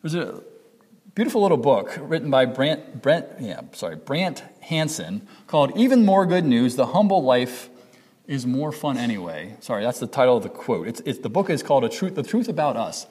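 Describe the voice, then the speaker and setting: A pastor preaches a sermon in a mid-range, husky voice with a darkish tone, very animated and at a moderate pace, with a long reverb tail. He talks conversationally, corrects himself, and acts out the voices in people's heads.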